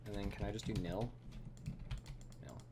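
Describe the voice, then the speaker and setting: A man's voice: fairly low pitch, steady tone, moderate pace, background noise. Rambling, swearing man streaming live code. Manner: rambling, profane, many fillers; mutters code to himself. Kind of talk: casual live-coding rant.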